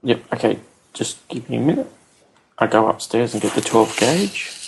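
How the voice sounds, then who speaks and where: A man's voice: medium pitch, very animated, moderate pace, background noise. A man playing a tabletop role-playing game, answering casually and briefly. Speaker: player.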